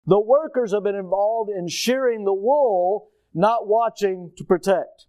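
A middle-aged male preacher telling a personal story in a sermon, animated, moving from quiet asides to loud shouting, his throat strained. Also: sits high, measured pace, no room sound.

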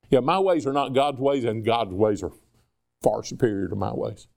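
A man's voice: mid-range voice, a little slow, gravelly, a little mellow. A man preaching a sermon in a conversational way, acting out dialogue between people and God. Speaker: pastor.

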